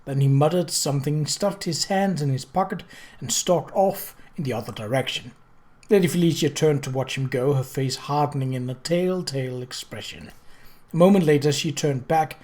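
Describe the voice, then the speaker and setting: A woman narrating a novel in a measured, even reading voice. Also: low-pitched. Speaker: audiobook reader. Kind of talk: storybook narration.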